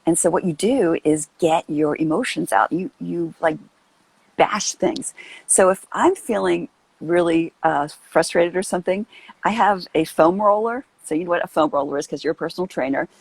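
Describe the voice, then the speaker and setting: A woman's voice: fairly low pitch, normal speed, gravelly, breathy edge, dry recording, rough recording. A woman hosting a casual live chat on a video call, earnest and rambling with lots of fillers. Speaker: host.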